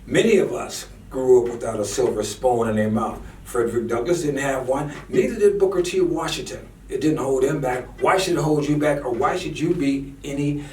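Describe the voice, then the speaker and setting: A man's voice: mid-range voice, normal speed, darkish tone, distant mic, a little hiss or hum. A man ranting fervently in a preachy style, often repeating words when worked up. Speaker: commentator. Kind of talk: impassioned political rant. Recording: echoey room, voice from off-mic.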